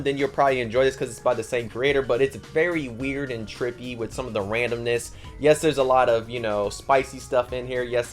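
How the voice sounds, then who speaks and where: A man casually talking through a manga plot in slangy, animated speech that gets loud when he is excited. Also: mid-range voice. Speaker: manga reviewer.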